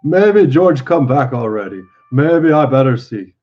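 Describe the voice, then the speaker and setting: A man voicing a big, childlike and anxious simple-minded man, slow and plaintive, on a dull lo-fi recording. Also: medium pitch, lively intonation. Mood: frightened.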